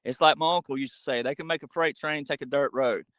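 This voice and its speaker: A man speaking as a podcast guest in an animated monologue, emphatic and full of rhetorical questions. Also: a little high, quick pace, dry recording, rough recording. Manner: acts out quoted voices.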